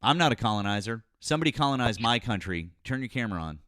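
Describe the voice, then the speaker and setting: A man's voice: medium pitch, expressive, quick pace, fairly bright tone, a little hiss or hum. A man hosting a live political call-in stream, talking bluntly and cursing freely. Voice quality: blunt, profane, exasperated. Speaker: host.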